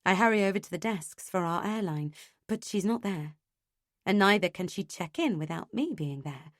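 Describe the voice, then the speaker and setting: A woman reading a first-person thriller audiobook in a tense, measured way. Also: on the low side, expressive, no room sound, studio quality. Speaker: audiobook narrator.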